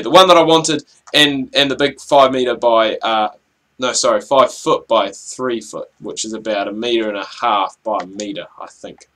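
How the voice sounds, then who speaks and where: A young man giving chatty, rambling commentary over his gameplay, with excitable outbursts at the action. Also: mid-range voice. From New Zealand. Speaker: gaming channel host.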